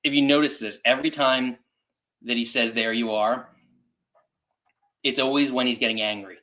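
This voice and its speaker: A man with a bright, forceful voice co-hosts a casual chat show. He talks with eager enthusiasm, rambling and restarting his sentences as he goes. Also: mid-range voice, fairly even intonation, moderate pace. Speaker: podcast co-host.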